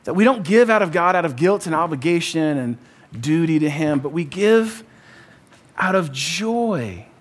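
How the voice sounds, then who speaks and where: A man with a fairly high voice preaches to a congregation in a relaxed, conversational way. He leans hard on repeated phrases and pauses to have the people shout the words back to him. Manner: emphatic, repeats key phrases, calls for audience response; conversational, uses "like" and "kinda". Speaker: pastor. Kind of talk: sermon.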